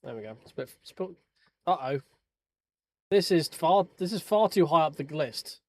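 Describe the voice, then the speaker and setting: Joking man, fairly high voice. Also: animated, measured pace. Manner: joking, sweary banter with viewers. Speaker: sim racing streamer. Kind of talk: casual live-stream chat while reviewing race replays.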